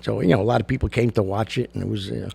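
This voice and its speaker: An older man talks through a casual show monologue, blunt and rambling. His voice is gravelly and somewhat husky. The sound is close and dry, with almost no room around it. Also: lowish voice, steady tone, racing, a little mellow, dry recording. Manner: gravelly, blunt and chatty, with many fillers. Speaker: show host. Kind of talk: casual talk-show monologue with jokes and opinion.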